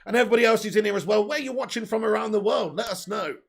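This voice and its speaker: Brief: male watch-along host, high-ish gravelly voice with a husky edge, casual, excitable. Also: rapid-fire. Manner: excitable, casual, swears, reads out viewer messages. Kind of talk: live football watch-along commentary.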